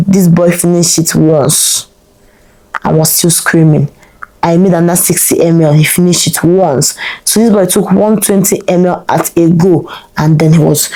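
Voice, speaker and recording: A woman recounts a personal story straight to camera. Her voice sits low and mellow, with a relaxed warmth to it. She tells it with animated, exclamatory energy and keeps tossing in rhetorical questions. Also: rough recording. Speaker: vlogger.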